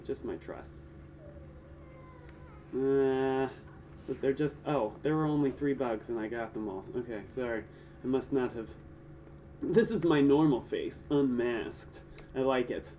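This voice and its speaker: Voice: medium pitch, darkish tone, far from the mic, slight background noise. Playful streamer making goofy sound effects. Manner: playful and jokey, chatting to viewers. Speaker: gaming streamer. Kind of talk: casual live gameplay commentary.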